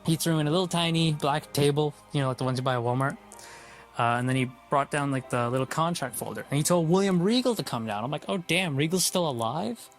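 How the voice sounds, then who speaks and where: A man casually recapping a wrestling show, blunt, opinionated and quick to swear. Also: a little high, soft background music.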